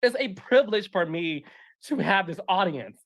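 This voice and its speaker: A man's voice: sits high, expressive, normal speed, fairly bright tone. Emotional man talking on a podcast. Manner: emotional, earnest, repeats himself. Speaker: podcast host.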